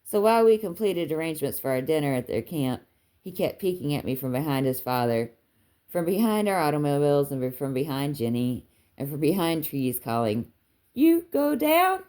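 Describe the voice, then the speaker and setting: Woman, Southern accent, low voice, audiobook reading, lifts voice for dialogue. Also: lively intonation, warm tone. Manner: unhurried storytelling, lifts her voice for dialogue. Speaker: audiobook reader. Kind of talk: reading a book aloud.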